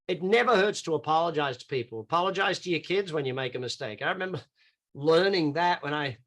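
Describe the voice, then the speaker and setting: A man's voice: on the high side, expressive, fast talker, a bit bright. A middle-aged Australian man in a chatty, off-the-cuff live online coaching session, answering questions over a video call. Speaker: business coach.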